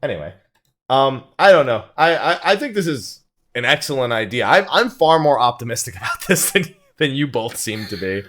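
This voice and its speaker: A man hosts a relaxed gaming podcast, teasing his cohosts and laughing often as he talks. His pitch swings freely up and down in an animated way, at a medium register for a man. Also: normal speed. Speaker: podcast host. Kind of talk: casual gaming podcast chat.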